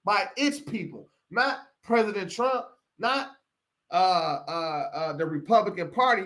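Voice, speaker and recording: A middle-aged man from Pontiac, Michigan hosts a live broadcast, launching into a heated, preachy rant and repeating phrases for emphasis. His voice is high and expressive, with a sharp tone and a measured pace.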